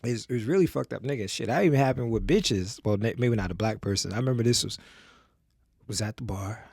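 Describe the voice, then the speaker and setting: A man with a gravelly voice at medium pitch tells a story on a podcast. He is casual and profane and acts out each person in his tale. The sound is dry and close to the mic. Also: brisk, no echo. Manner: animated, profane, acts out the people in his stories. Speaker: podcast guest.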